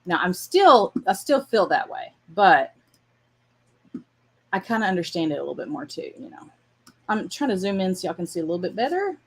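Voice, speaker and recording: This art class host sketches on a relaxed livestream, her husky, fairly low voice swinging widely in pitch at a slightly fast clip. Chatty and warm-hearted, she laughs a lot and keeps up a running conversation with her dog.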